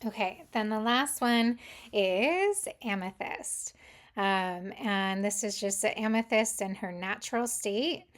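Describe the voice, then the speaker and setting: A woman giving an intuitive crystal reading at an unhurried, leisurely pace. Her delivery is gentle and casual, sprinkled with soft ums as she goes. Her voice sits at an ordinary middle pitch for a woman. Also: expressive.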